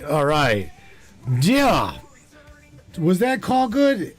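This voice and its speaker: A man hosting a call-in show, chatting casually, slangy and quick to laugh. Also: a little high, wildly swooping pitch, faint music behind. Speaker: show host.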